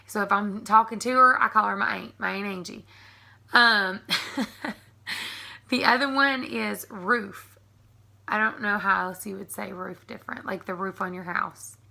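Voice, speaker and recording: A woman in her thirties with a strong East Tennessee Southern accent talks through a word list in a chatty vlog. Her voice is very bright and has a gravelly fry running through it, and she breaks into laughter often. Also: medium pitch, steady tone, measured pace. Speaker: YouTube creator. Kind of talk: casual accent tag vlog.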